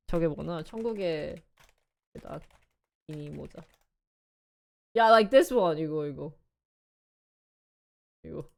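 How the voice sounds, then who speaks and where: A woman's voice: sits low, lively intonation, racing, gravelly, pauses often, no echo. A young woman streaming live, chatting casually and laughing often as she acts out scenes in voices. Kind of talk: casual livestream chat.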